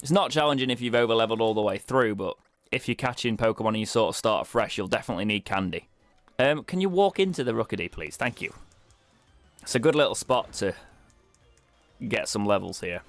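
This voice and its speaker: A young British man, streaming a let's play, gives chatty, wry commentary on his gameplay, throwing in self-mocking asides. His voice is lowish with lively intonation and a fairly quick pace. The recording is dry, with faint music behind him.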